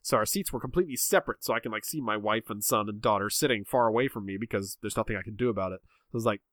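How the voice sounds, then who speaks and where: Man, casual chat, self-mocking, rambling, bright tone, dry close sound. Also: fairly low pitch, rapid-fire, few pauses, no echo. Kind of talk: casual chat, telling a story.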